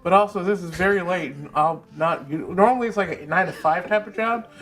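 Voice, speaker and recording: A woman's voice: fairly low pitch, faint music behind, lightly acted. A woman playing a nervous, money-minded human adventurer who rambles and halts. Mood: awkward. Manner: rambling, halting, awkward.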